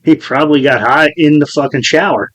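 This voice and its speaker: A man's voice: fairly high pitch, brisk, fairly bright tone, dull audio. A man in his forties hosting a podcast, telling a story in a profane, rambling way with many restarts. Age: 40s. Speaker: podcast host. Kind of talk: casual podcast chat.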